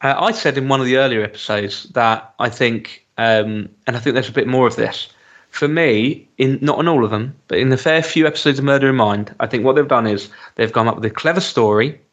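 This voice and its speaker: A man's voice: mid-range voice, fairly quick, fairly bright tone, muffled recording. A man co-hosting a podcast, chatting casually and hesitantly with many ums, livening up when he jokes. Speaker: podcast co-host. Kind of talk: casual chat reviewing a TV episode.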